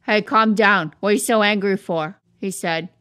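A woman's voice: mid-range voice, steady tone, normal speed, fairly bright tone, clean tone, no room sound, clean studio sound, natural voice. A woman voicing a gloomy, destructive male tornado in a cartoon, complaining to his therapist in a whiny, exasperated way. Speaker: therapy patient. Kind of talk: cartoon voice acting.

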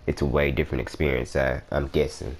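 A man's voice: rumbling low, level tone, brisk. A young man casually commenting on a video game, rambling and joking as he plays. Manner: rambling, joking, self-interrupting. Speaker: gaming let's-play host.

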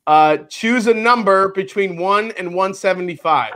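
A man hosting a whiskey livestream, upbeat and lively as he runs the show and a giveaway. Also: high-pitched, normal speed. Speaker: livestream host. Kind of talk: casual livestream chat.

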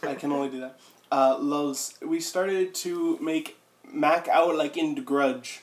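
A man reads aloud in an over-the-top comic style, switching into silly voices and breaking off to comment. His voice sits a bit high and his throat is sore from a week of coughing. The room around him is echoey. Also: takes it slowly. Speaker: comedic reader. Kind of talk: mock dramatic reading with friends.

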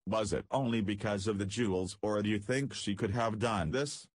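A man's voice: on the low side, fairly even intonation, normal speed, no echo, clean studio sound, natural voice. A man voicing a young male spaceman who speaks bitterly and with determination. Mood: determined.

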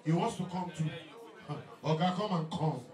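A Nigerian man with a Nigerian English accent, working as a comic MC at a party and teasing the crowd loudly. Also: fairly high pitch, normal speed. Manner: joking, loud, teasing the crowd. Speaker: event MC. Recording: echoey hall with crowd, mic far.

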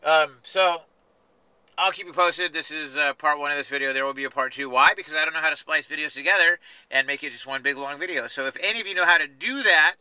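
A man's voice: a little high, fast, pushed and bright, clean tone, no echo, low-quality recording. A man in his forties, talking in a rambling, chatty way with self-deprecating jokes, from inside his parked car at night. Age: 40s. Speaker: vlogger. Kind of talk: rambling casual vlog.

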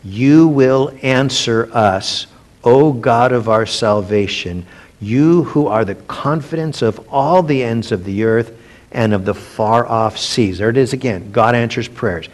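A man's voice: mid-range voice, measured pace. A man leading a casual Bible study, reading verses aloud and wandering into chatty personal asides with frequent restarts. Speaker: pastor teaching a Bible study.

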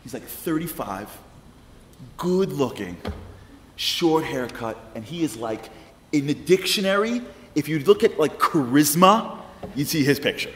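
A man telling a story at a lecture, animated and playful, his pitch swinging widely. His voice carries through a large hall with a long, roomy reverb. Faint noise hums underneath. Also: a little slow. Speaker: guest lecturer.

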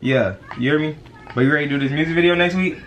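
A man's voice: a little high, fast, fairly bright tone, slight background noise. A young man casually vlogging at home, playfully teasing and talking to his toddler in slangy speech. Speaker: vlogger dad. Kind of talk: casual family vlog. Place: home bedroom.

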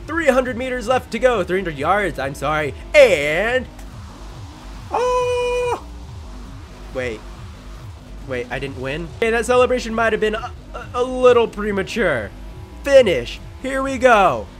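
Young male gamer, high voice, wildly lively, unhurried, faint music under his commentary. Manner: excitable, jokey, shouts at the game. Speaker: gaming channel host. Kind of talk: let's-play commentary. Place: his room at home.

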